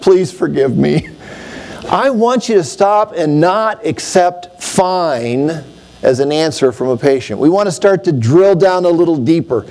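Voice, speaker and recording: A middle-aged man, an optometrist, giving an animated conference talk and telling stories to make his points. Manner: animated storyteller, swings pitch for emphasis.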